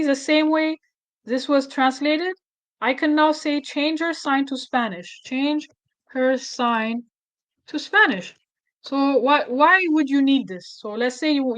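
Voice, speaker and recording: A woman hosting a casual screen-recorded software walkthrough, thinking aloud and correcting herself with frequent restarts. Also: a little high, poor audio. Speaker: tutorial host.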